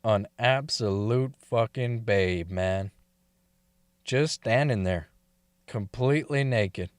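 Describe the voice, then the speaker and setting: A man's voice: on the low side, slow pace, clear, resonant tone, no room sound, clean studio sound. A man telling a story in a casual, crude way, swearing and laughing often between lines.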